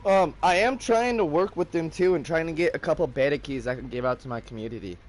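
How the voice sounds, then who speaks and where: A man's voice: on the high side, quick pace. A young man hosting a gaming livestream, ranting in a heated, profane, casual way.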